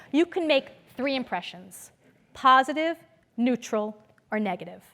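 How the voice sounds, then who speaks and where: A woman lecturer giving a conference talk to an audience, storytelling in a lively way and acting out the voices she quotes. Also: sits high, measured pace. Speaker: business school lecturer. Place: lecture hall.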